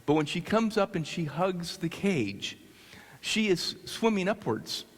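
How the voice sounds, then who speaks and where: A man from the United States telling a story to an audience, animated and halting with restarts. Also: high-pitched. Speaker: speaker. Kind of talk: storytelling talk. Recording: long hall reverb.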